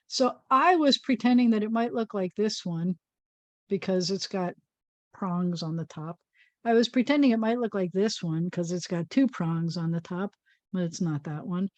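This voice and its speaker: A woman's voice: mid-range voice, darkish tone, no echo. Patient woman rabbi teaching Hebrew letters. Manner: patient, explains slowly and sounds out words. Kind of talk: online Hebrew reading lesson.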